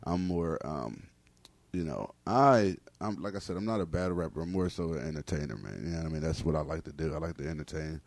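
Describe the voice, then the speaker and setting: A man guesting on a podcast as a battle rapper, talking in a relaxed, filler-heavy way. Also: a bass voice, fast, creaky, dry recording. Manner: laid-back, filler-heavy talk. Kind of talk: casual podcast interview.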